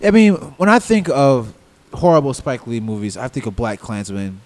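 A man's voice: medium pitch, normal speed, darkish tone. A man co-hosting a casual podcast, blunt and opinionated, swearing freely. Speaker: podcast co-host. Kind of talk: casual chat. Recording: long reverb on voice.

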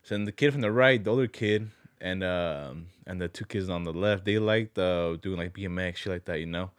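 Slangy young man with a low voice. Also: fairly quick, smooth, dry recording, studio quality. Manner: loose slangy storytelling, repeats words, teasing. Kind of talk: casual chat.

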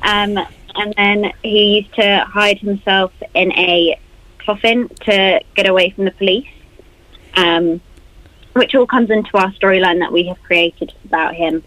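A woman's voice: medium pitch, steady tone, measured pace, a bit bright, no echo, poor audio. A young woman, a university student, explaining an event earnestly in a radio interview.

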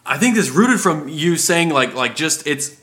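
A man's voice: fairly high pitch, sing-song, measured pace, sharp tone. A man in casual conversation, talking in a rambling way with lots of fillers and acting out other people's lines. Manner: rambling, filler-heavy, acts out customer voices. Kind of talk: casual chat.

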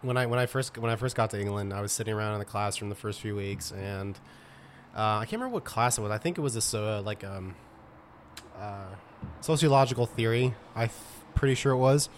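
A young American man telling a story about himself in a casual podcast chat, halting and self-mocking, full of fillers and restarts. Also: lowish voice, a little hiss or hum. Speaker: podcast co-host.

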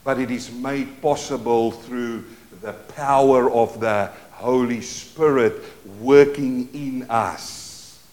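A man preaching a sermon as pastor, leading call-and-response and moving between quiet asides and loud declarations. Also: medium pitch, fairly even intonation, slow, reverberant. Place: church.

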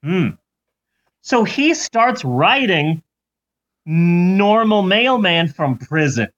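Man, comedic storyteller, slow delivery, lively pitch, muffled lo-fi sound. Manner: rambling, jokey, slow. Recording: dull lo-fi recording.

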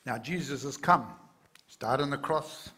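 A man's voice: mid-range voice, moderate pace, bright, forceful tone. A man preaching a sermon to his congregation, earnest and building to fervent emphasis. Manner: addresses the congregation directly. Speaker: pastor.

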